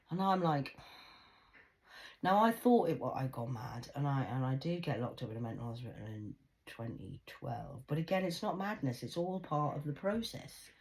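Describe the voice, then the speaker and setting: A woman speaking intensely and emphatically to her viewers, swinging between loud outbursts and hushed asides. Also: a bass voice, lively intonation, moderate pace, creaky, poor audio. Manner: confiding, addresses viewers directly. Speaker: vlogger. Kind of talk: emotional personal monologue to camera.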